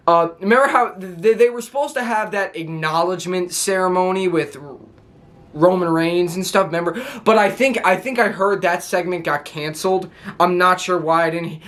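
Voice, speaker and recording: A young man with a notably high-pitched voice recaps a wrestling broadcast to his viewers. He rambles excitedly, laughs often and keeps restarting his sentences as he goes. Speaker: wrestling show reviewer. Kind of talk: excited casual recap to camera.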